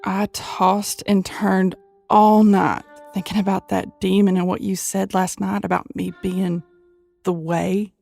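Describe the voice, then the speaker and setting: A man's voice: high voice, little pitch movement, slow pace, gravelly, darkish tone, soft background music, voice pushed up, exaggerated voice. A man voicing a frightened young daughter, speaking in a small, shaky, fearful voice. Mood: scared.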